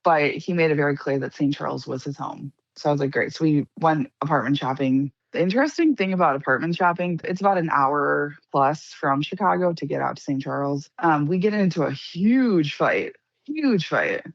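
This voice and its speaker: Young woman, low gravelly voice, casual storyteller who acts out others' lines. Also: a little fast, few pauses, no echo, highs cut off. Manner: lively, acts out quoted dialogue. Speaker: interviewee recounting being scammed. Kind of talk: casual first-person storytelling.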